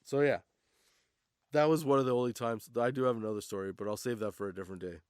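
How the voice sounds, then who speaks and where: A man's voice: mid-range voice, fairly even intonation, fast, a little mellow, clear, resonant tone, no echo. Young man, comedy podcast host, casual storytelling, frequent laughs, dry close sound. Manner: laughs often, swears freely.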